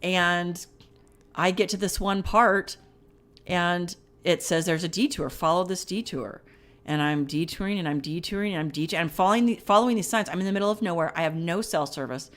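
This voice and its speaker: Woman, middle-aged, podcast co-host, casual storytelling, animated, acts out quotes. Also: on the low side, brisk.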